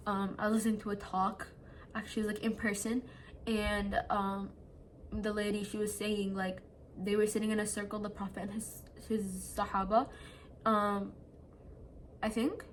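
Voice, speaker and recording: In a late-night home vlog, a young woman sits indoors and chats to her phone camera at a moderate pace. Her mid-range delivery is flat, with a little background hiss or hum, and she stays earnest while leaning heavily on "like."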